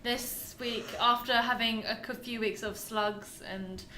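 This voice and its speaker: Woman co-host explaining neuroscience, bright forceful voice, higher pitch. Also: steady tone, slight background noise. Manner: explanatory, giggly, quick to laugh. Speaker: podcast co-host presenting a science paper. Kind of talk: casual science podcast chat.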